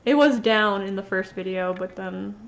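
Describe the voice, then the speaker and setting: A woman with a gravelly, medium-pitched voice talks at a moderate pace, showing her cross-stitch finishes in a rambling, casual vlog. Expect a slight lisp, lots of fillers and restarts, and sniffles after sneezing, all on lo-fi sound.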